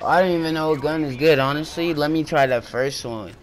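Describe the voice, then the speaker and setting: A gaming YouTuber giving live gameplay commentary at home, frustrated and swearing, with loud shouted outbursts. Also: mid-range voice, fairly quick, slight background noise.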